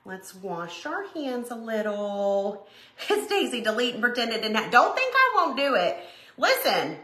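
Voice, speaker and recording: This craft livestream host has a slightly high, sing-song voice with a sharp edge, speaking a little slowly. She rambles casually with her viewers, throwing in plenty of asides, and her room is echoey.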